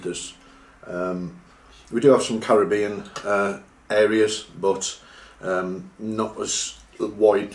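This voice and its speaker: A man's voice: deep voice, slight background noise. A man chatting casually while eating, sometimes talking with his mouth full, for a mukbang video. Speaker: vlogger. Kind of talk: mukbang chat. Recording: echoey room.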